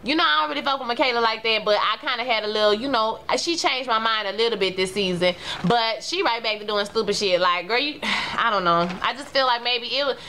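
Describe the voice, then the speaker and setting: A woman's voice: on the high side, lively intonation, fairly quick, pushed and bright, slight background noise. A woman giving a casual, slangy and blunt recap of a TV episode, talking animatedly with sudden outbursts.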